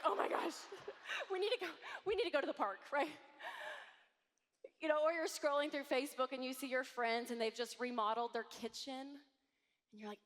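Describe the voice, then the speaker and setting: A woman in her thirties giving an animated conference talk to a live audience, acting out voices as she tells stories. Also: high-pitched. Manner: animated, acts out quoted voices. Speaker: conference speaker. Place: large hall with audience. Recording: long hall reverb.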